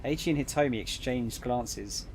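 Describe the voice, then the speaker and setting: Casual streamer reading a game aloud. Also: male voice, mid-range voice, normal speed, darkish tone, slight background noise. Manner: casual, jokey asides between narration.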